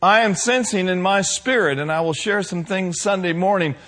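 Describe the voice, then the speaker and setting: A man preaching a sermon to his congregation, building to shouted passages and calling for responses. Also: high-pitched, normal speed. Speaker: pastor.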